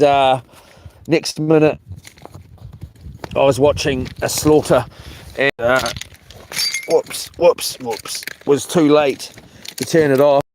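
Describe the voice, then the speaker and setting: A man's voice: on the high side, slight background noise. A man chatting loosely to his live viewers on a solo camping trip, wandering off topic and mildly cursing as he greets people from the chat. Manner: meandering, loses his thread, mild cursing. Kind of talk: casual rambling live chat.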